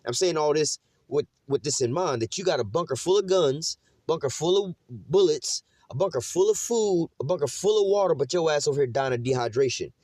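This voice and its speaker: A man's voice: fairly high pitch, lively intonation, brisk, darkish tone, dry recording. A man preaching on scripture in a loose, profane, slangy rant, tossing "man" into nearly every sentence. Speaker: Bible teacher. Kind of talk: casual street preaching.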